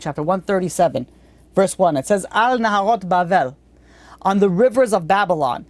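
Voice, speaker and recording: A man's voice: sits high, no room sound. A man teaching a Torah class as a rabbi, blunt and earnest, often restarting his sentences.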